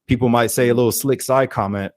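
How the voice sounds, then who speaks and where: A man's voice: medium pitch, quick pace, no room sound, studio quality. A man, a guest on a podcast talking casually and energetically, often acting out what people say. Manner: energetic, acts out quoted speech. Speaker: podcast guest, life coach. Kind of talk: casual interview chat.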